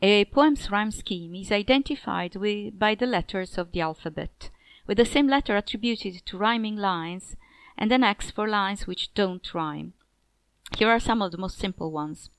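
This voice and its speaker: A woman narrating a scripted lesson on poetry in a measured way, dropping her pitch at the end of each line. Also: fairly bright tone, no echo. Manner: measured, clear, drops pitch at line ends.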